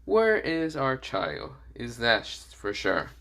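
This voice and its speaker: A man's voice: medium pitch, huge pitch swings, slow, bright, forceful tone, heavily acted. A man doing a smug, smirking male villain. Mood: smug teasing. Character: smug scheming immortal male villain, teasing. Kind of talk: casual fan-fiction storytelling.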